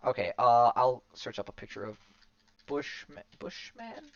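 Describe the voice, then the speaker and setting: A man's voice: medium pitch, moderate pace, a bit bright, clean tone, dry recording. A man talks through a comic story in loose podcast chat, full of "um"s, restarts and backtracking. His voice comes through a dull lo-fi recording. The sound is dry and close, with no room around it. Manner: rambling, many fillers and restarts. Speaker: podcast host. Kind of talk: casual chat recapping a comic.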